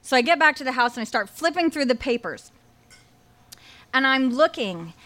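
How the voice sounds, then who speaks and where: A young adult woman telling a true personal story with wry, animated comic timing. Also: high-pitched, normal speed.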